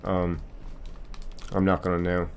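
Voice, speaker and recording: Low-voiced man chatting on a live stream. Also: measured pace, a little hiss or hum. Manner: rambling, relaxed, many fillers and restarts. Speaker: live game streamer reading chat. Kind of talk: casual live-stream chat.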